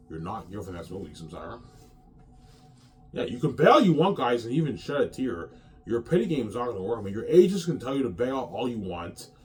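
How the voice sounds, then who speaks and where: A man's voice: on the low side, a little mellow, a little hiss or hum. A man hosting a casual solo show, talking in a brash, boastful, repetitive way. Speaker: show host.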